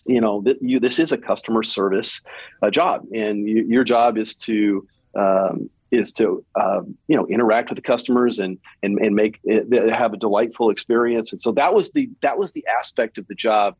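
A man's voice: on the low side, normal speed, darkish tone, husky, no echo, poor audio. A man in his fifties with a slight Southern accent from Kentucky, talking casually as an interview guest, often restarting and repeating words.

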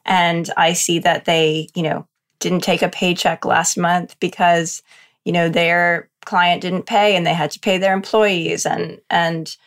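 Gravelly low-voiced woman guest. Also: flat delivery, a little slow. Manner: candid, thoughtful, a little self-deprecating. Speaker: podcast guest, freelance marketer. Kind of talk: casual podcast interview.

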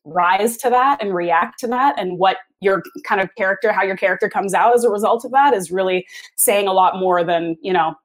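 A woman's voice: medium pitch, a little fast. A woman co-hosting a podcast, talking in a thoughtful, rambling way full of fillers. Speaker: podcast co-host. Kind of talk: casual podcast chat.

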